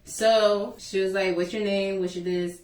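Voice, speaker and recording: A young woman casually telling a school story to the camera, animated and chatty, acting out the people in it. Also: mid-range voice, a little slow, far from the mic. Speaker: vlogger. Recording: echoey room, a bit off-mic.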